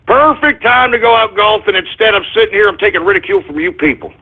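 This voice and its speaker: A man hosting an internet radio show in a comedic ranting style, exasperated and swinging between low muttering and shouting. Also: expressive, quick pace, gravelly, slightly rough. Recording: tinny phone-like lo-fi audio.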